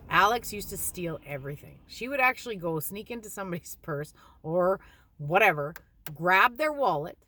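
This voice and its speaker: A middle-aged woman telling stories in a casual, animated way, laughing and swearing lightly. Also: on the low side, dry recording. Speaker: card reader. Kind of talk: casual storytelling.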